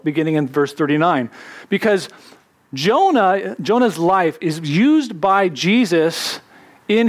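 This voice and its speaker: A man, a pastor, preaching a sermon in an earnest way, slowing down to stress key words. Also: sits high.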